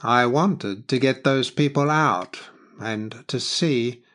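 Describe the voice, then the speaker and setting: Cold proud woman in an audiobook, dry and marble-slow, man reading the part. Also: mid-range voice, a bit bright. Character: cold, proud society woman, speaking slowly.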